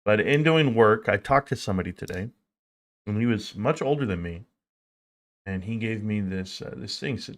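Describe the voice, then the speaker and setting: A man's voice: on the low side, normal speed. A man hosting a market livestream, talking casually and joking, sometimes acting out other people in a raised voice. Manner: animated, acts out quoted people in a raised voice; joking, conversational with fillers. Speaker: stock market livestream host.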